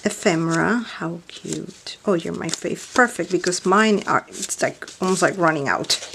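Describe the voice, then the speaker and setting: A woman chatting casually while unboxing mail, gushing and exclaiming over each item and often dropping to a soft near-whisper, indoors at night. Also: on the low side, measured pace, gravelly, a little hiss or hum. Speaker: craft vlogger unboxing mail.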